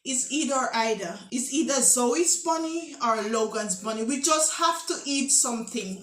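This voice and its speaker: A woman's voice: a little high, animated, normal speed, hardly any pauses. A woman, a mother and family vlogger, playing a prank on her kids for the camera with theatrical, mock-desperate pleading. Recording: echoey room.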